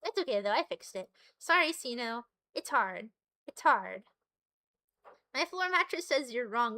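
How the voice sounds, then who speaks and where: A woman's voice: fairly high pitch, expressive, measured pace, sharp tone, no echo. A woman streamer reading a webcomic aloud and chatting to her viewers in a giggly, rambling, self-deprecating way. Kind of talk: casual live-stream reading with chat asides.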